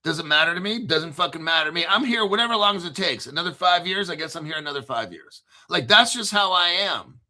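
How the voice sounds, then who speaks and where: A man's voice: high voice, expressive, quick pace, hardly any pauses, sharp tone. A man in his fifties hosting a crypto video, ranting casually in a blunt, profane, combative way and repeating himself for emphasis.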